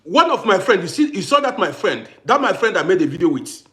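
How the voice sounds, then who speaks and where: Vlogger, male, parent of adult kids: high voice that swings widely, hammers each point home. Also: big pitch swings, quick pace, pushed and bright. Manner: emphatic, repetitive, challenging. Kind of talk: ranting to camera. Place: living in Austria.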